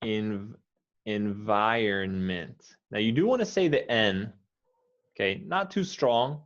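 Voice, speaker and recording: A man with an American accent, an English teacher patiently coaching pronunciation and modeling words slowly. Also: mid-range voice, big pitch swings, lo-fi sound.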